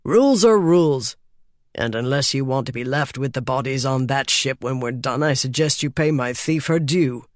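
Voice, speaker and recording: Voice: medium pitch, moderate pace, dry recording, studio quality, close to an everyday voice. A narrator voicing a theatrical male ship captain who commands his crew with relish and teases with ease. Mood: commanding. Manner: commanding, playful.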